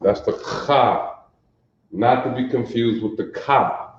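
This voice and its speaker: A man teaching an alphabet in a lesson, slow and deliberate, often quizzing his listeners with questions. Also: lowish voice, darkish tone. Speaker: language teacher. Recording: roomy, dull lo-fi sound.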